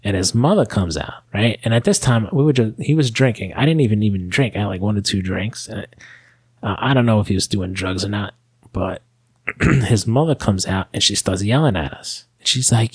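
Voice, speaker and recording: A man's voice: on the low side, normal speed, breathy edge, no echo. A man calling in and telling a rambling story in casual talk, full of fillers, restarts and swearing. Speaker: caller.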